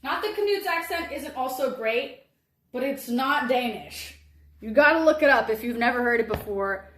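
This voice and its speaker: A woman chatting casually on a live stream, telling stories animatedly with drawn-out words, fillers and sudden high bursts. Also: animated, fairly bright tone, slight background noise.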